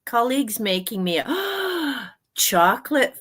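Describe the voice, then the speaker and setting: A woman in her sixties hosting a casual stream chat, her voice bright and a little on the low side. She talks slowly and draws out her words, laughing easily between stories. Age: 60s. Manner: chatty, laughs often, slow and drawn-out. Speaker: livestream host.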